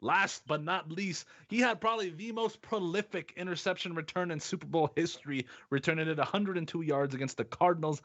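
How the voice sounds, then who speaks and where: A man's voice: a little high, a little fast, hardly any pauses, lo-fi sound. A man hosting a casual sports podcast, reading an ad and quizzing his co-host with a lot of laughter. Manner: lively, laughs often, reads ads casually. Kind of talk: casual sports quiz chat.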